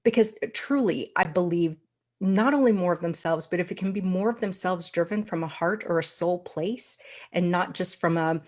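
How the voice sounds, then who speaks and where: A woman with a slightly low voice speaks as a coach in casual conversation. She is earnest and reflective and laughs lightly now and then. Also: normal speed, darkish tone. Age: adult with a daughter.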